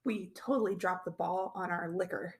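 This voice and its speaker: A woman's voice: fairly low pitch, steady tone, normal speed. A woman co-hosting a casual podcast at a table with friends, explaining things in a matter-of-fact way. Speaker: podcast co-host. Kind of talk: casual chat. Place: room shared with friends at a table.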